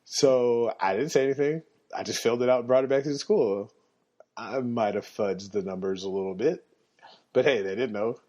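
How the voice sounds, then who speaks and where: A man hosting a podcast, telling personal stories in a casual, animated way and chuckling as he goes. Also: normal speed. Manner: animated, chuckling, jumps up in pitch when quoting people. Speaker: podcast host. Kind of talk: casual storytelling monologue. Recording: slightly muffled lo-fi podcast audio.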